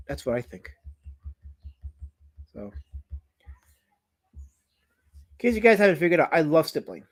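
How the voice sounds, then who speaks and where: A man hosting a live drawing stream chats casually in a mid-range, expressive voice at a moderate pace, with long pauses. Now and then he slips into theatrical, mock-offended complaints.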